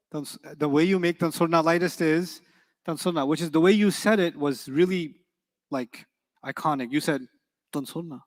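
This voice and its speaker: A man with a high voice leads a classroom grammar lesson, firing quick questions at his students and teasing them playfully. His voice rings with a long hall reverb. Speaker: Arabic teacher.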